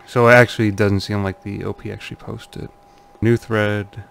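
A man's voice: on the low side, flat delivery, normal speed, creaky, fairly bright tone, clear, resonant tone. A man casually commenting on forum posts he reads aloud, laughing nervously and muttering uneasily. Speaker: channel host.

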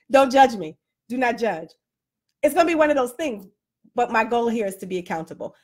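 Woman vlogger, high voice, animated self-mocking rant, slightly winded post-workout. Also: moderate pace. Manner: animated, self-deprecating, laughs often. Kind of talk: casual comedic rant to camera.

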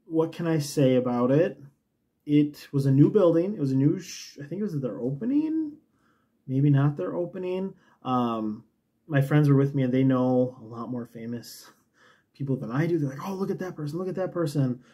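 Chatty self-mocking man with a mellow voice. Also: medium pitch, lively intonation, moderate pace, breathy edge. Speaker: knitting podcast host. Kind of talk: casual chat.

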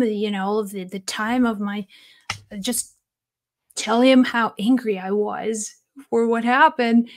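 Woman vlogger, kinda high voice, sincere heartfelt storytelling w little restarts. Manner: earnest, heartfelt, with soft laughs and restarts. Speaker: spiritual channel host. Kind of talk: personal storytelling to camera.

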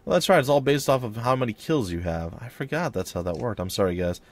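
A man's voice: medium pitch, lively intonation, fast talker. A young man hosting a let's play, chatting casually about his choices and reading the game's text aloud. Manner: chatty, reads in-game text aloud and voices characters lightly. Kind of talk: casual gameplay commentary with dialogue read aloud.

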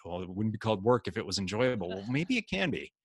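Animated, low-voiced man telling stories. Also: fast, husky, dry recording. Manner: animated storyteller acting out quotes. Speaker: guest. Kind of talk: casual interview conversation.

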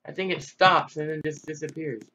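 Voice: mid-range voice, steady tone, a little fast, pushed and bright, a little hiss or hum, rough recording. A gamer giving playful, chatty commentary on a game, squealing and exclaiming while playing. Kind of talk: gameplay commentary.

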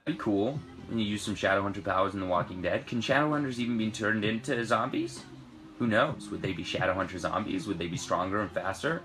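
A young man from Britain, an actor, reading fan questions aloud from his trailer and answering in a relaxed, rambling way. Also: on the low side, quick pace. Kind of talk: casual live-stream Q&A. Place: trailer on a film set.

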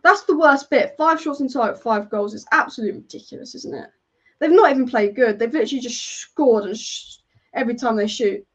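A woman's voice: fairly high pitch, brisk, fairly bright tone. A woman, a football fan on a live watchalong, exasperated and asking why again and again. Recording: dull lo-fi stream audio.

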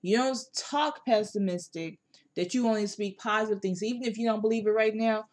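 A woman's voice: medium pitch, a little fast, darkish tone. Emphatic woman with a Southern country accent. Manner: emphatic and repetitive, with colloquial phrasing. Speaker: tarot reader. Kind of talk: casual spiritual tarot reading.

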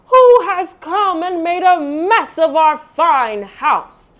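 A woman doing a big booming Papa Bear. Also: expressive, slow. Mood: roaring. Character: big gruff father bear, protective.

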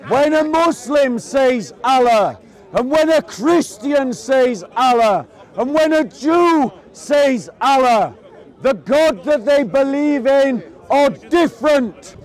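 High-pitched guy preaching outside, slow and emphatic, crowd murmur behind. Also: lively intonation. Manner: slow, emphatic, often raising his voice. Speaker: street preacher. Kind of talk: open-air preaching. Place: outdoor public park speaking spot.

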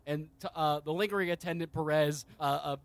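A man's voice: fairly high pitch, steady tone, background noise. Man narrating as game master. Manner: rambling, halting, amused. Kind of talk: narrating a comedic tabletop game.

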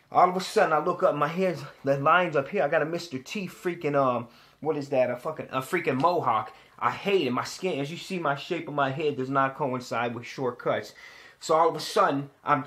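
A young man vlogging to the camera, telling a story with plenty of swearing. His voice sits a little high for a man, and he keeps circling back and repeating words as he gets heated. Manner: animated, profane, repeats himself when worked up.

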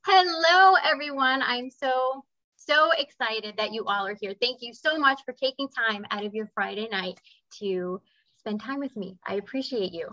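A woman hosting a live spiritual session, chatting effusively and then gently guiding a breathing meditation. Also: fairly high pitch, moderate pace, muffled recording. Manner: effusive, warm-hearted chatter with soft guided breathing cues. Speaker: spiritual teacher and medium hosting a live event. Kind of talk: casual live talk and guided meditation.

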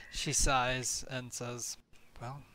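A man narrating as game master of a tabletop game, relaxed with many fillers. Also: medium pitch, creaky, a little hiss or hum.

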